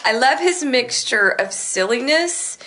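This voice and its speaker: Brief: woman podcast co-host, high bright voice, quick laughing anecdotes. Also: expressive, slight background noise. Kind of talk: casual podcast chat.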